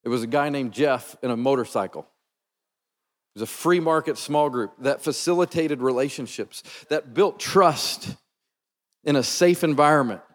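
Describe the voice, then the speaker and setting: Speaking slightly slowly at medium pitch, a male pastor tells a personal story during his sermon. His delivery is earnest and emphatic yet conversational, echoing with the long reverb of a large hall.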